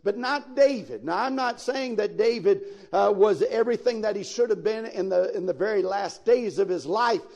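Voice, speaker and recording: Gravelly high-voiced preaching man. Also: animated, normal speed, hardly any pauses, darkish tone, muffled recording. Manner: preaching with sudden emphatic swells; folksy, addresses listeners directly. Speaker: pastor. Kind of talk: sermon.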